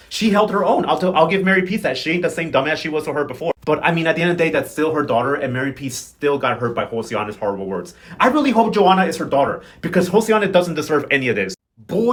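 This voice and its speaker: A man's voice: sits high, a bit bright. A man recapping a soap opera in a casual, sassy, dramatic way, speaking with slang. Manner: sassy, dramatic, quick slangy gossip with playful cursing. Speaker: recap host. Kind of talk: casual comedic recap vlog.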